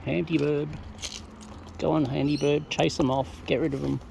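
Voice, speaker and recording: A man's voice: fairly high pitch, level tone, moderate pace, creaky. A man with an Australian accent, talking to wild birds outdoors in a teasing, affectionate way. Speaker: bird feeder filming wild birds. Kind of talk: casual talk to birds. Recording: noisy outdoor recording.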